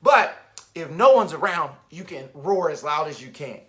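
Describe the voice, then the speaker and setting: A man reading a picture book aloud to young children in an animated way, stopping often to ask them questions and wonder about the pictures. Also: a little high. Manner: animated, asks the listener questions and pauses to wonder.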